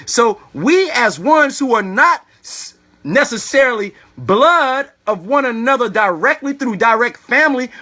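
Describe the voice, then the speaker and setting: Guy preaching on his video, lively swoopy voice, bright tone, keeps telling you to think about it. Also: extremely high pitch. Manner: preachy, animated, keeps asking "all right?". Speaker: online video host. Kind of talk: motivational talk.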